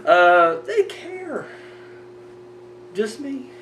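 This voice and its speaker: A man's voice: very high voice, very animated, extremely slow, a bit bright. A man hosting a horror movie review show, chatting and ranting casually with rambling, profane talk. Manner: rambling, profane, frequent restarts. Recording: roomy distant mic with faint hum.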